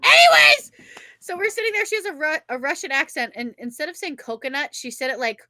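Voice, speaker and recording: Bright-voiced chatty New woman. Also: sits high, fast, dry recording. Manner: rambling animated storyteller, swears freely. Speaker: podcast co-host. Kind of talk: casual chat.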